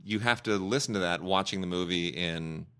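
A man's voice: sits low, moderate pace, fairly bright tone, clear, resonant tone. A man co-hosting a casual film review podcast, opinionated and rambling with frequent restarts. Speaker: film critic co-host.

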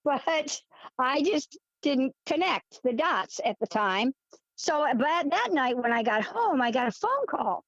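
A woman guest telling a personal story in a casual, animated way, laughing often and restarting with fillers. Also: sits high, slow pace, no echo. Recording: dull lo-fi dry recording.

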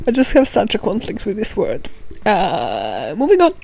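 A woman's voice: medium pitch, wildly swooping pitch, moderate pace, gravelly, a little mellow, slight background noise, poor audio. A woman hosting a true crime podcast, telling the case in a casual, chatty and irreverent way, swearing and filling her talk with "like".

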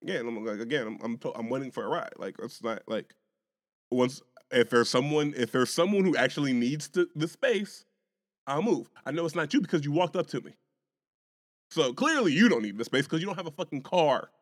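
Animated man telling a story, dry mic. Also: mid-range voice, brisk, dry recording. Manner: animated, swearing, many restarts and repeated words. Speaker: podcast co-host telling a story. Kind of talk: casual chat, storytelling.

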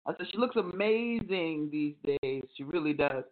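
A co-host of a talk show chiming in with slow, teasing remarks in casual chat. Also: mid-range voice, animated, phone-quality sound.

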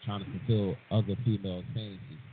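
A man speaking as a guest on a radio talk show, laid-back and relaxed. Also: deep voice, fast talker. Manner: laid-back, hyping up the host. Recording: tinny phone-line sound, hiss.

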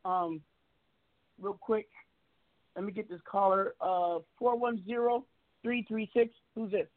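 High-voiced man hosting call-in radio. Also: steady tone, a little slow, dry recording. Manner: rambling, repeats words, stammering restarts. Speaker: radio show host. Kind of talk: casual call-in radio talk. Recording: tinny phone-line sound.

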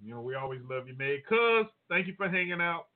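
A laid-back man hosts a call-in talk show and signs off in a casual, chatty way, laughing easily. His voice sits a little high for a man. It comes through a thin, tinny phone-like line. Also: expressive, brisk.

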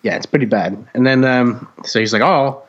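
A man co-hosting a podcast, telling a story in casual chat, animated and swearing freely as he acts out other people's voices. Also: mid-range voice, moderate pace, muffled recording, noisy background. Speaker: podcast co-host.

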